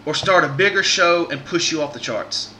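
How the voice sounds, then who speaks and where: Bright-voiced man telling a story. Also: a little high, moderate pace, slight background noise. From Southern United States. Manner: earnest, rambling, many restarts. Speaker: podcast host. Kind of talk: casual podcast storytelling.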